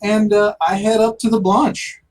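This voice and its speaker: Role-playing game player, middle pitch, hesitant with frequent restarts. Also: little pitch movement, moderate pace, darkish tone, rough recording. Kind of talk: casual tabletop game chat.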